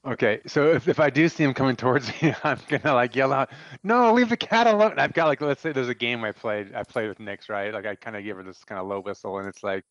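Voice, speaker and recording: Excitable male player, dry close sound. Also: mid-range voice, no room sound, lo-fi sound. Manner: halting, excitable, lots of fillers and restarts. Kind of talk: casual tabletop play.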